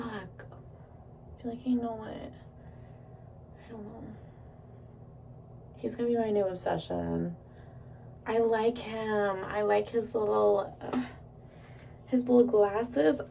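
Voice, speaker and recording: A woman's voice: medium pitch, creaky, darkish tone, distant mic, a little hiss or hum. Rambling young woman vlogging her makeup. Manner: rambling, giggly, swears freely. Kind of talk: casual vlog chat while doing makeup. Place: indoors at home.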